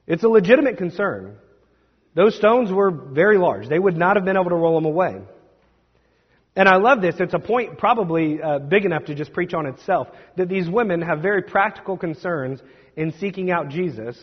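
A man's voice: high-pitched, expressive, moderate pace, slightly rough. A male pastor delivering a sermon in a conversational, emphatic way, with asides to the congregation, in a church. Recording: dull recording with long hall reverb.

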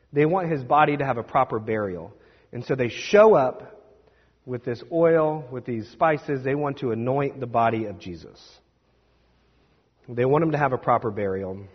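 A man's voice: mid-range voice, moderate pace, slightly rough. A male pastor delivering a sermon in a conversational, emphatic way, with asides to the congregation, in a church. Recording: dull recording with long hall reverb.

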